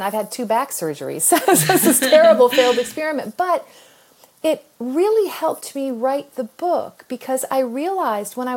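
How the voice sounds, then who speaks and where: A middle-aged American woman, an author appearing as an interview guest, tells a personal story with earnest feeling and frequent laughter. Her voice is high-pitched with a breathy edge, and her delivery is expressive and sincere, broken often by laughs.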